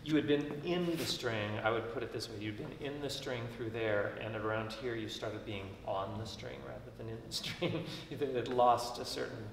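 A man's voice: mid-range voice, normal speed, gravelly, hardly any pauses, slight background noise. A man teaching a violin master class, giving constructive feedback and thinking aloud with frequent restarts. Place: concert hall, indoors. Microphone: distant room mic. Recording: echoey hall from far off. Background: violin and piano playing.

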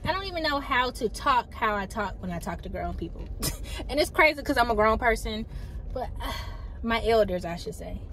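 A woman's voice: fairly high pitch, lively intonation, a little fast. A young adult woman vlogging casually, rambling and chatting straight to her viewers. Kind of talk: casual vlog chat. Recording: loud car noise behind.

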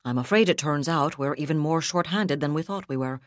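A woman's voice: sits low, a little fast, no room sound, clean studio sound, close to an everyday voice. A woman voicing an apologetic young male officer who speaks politely.

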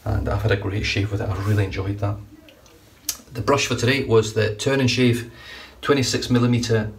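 A man casually reviewing shaving products, chatty and enthusiastic, a little rambling. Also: on the low side. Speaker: shaving vlogger. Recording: distant mic, faint room noise.

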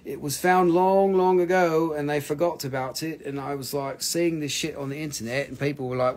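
Here the rock seller on the live stream speaks on the high side in a steady tone, brisk and with few pauses. He's joking and blunt, swears freely and uses non-native phrasing during the casual sales stream.

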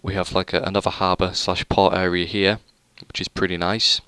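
A man's voice: sits low, flat delivery, moderate pace, sharp tone, clean tone, dry recording. A young man giving a rambling, self-deprecating tour of a game world, full of hesitant fillers. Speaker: gaming YouTuber. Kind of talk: casual let's play commentary.

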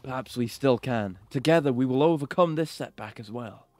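A man's voice: mid-range voice, moderate pace, darkish tone, no echo, close to an everyday voice. A man reading the lines of a stern older male mentor in a formal, grave way.

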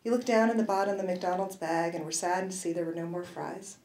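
A woman's voice: fairly low pitch, fast, a little mellow, echoey room, rough recording. A woman author reading aloud from her novel at a university event, in a wry first-person voice with brief asides.

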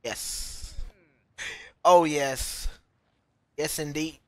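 A woman's voice: sits low, fairly even intonation, drawn-out words, darkish tone, no room sound. A woman streaming a frustrating climbing game, yelping yes and no, laughing and shrieking at every setback. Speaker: VTuber streamer. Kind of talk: reactive gameplay commentary.

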